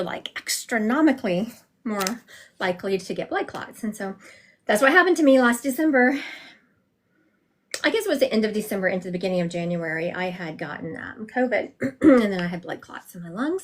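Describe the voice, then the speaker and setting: A woman's voice: mid-range voice, very animated, moderate pace. A middle-aged woman who works as a psychic medium, rambling chattily on a livestream from her home through a phone she carries around.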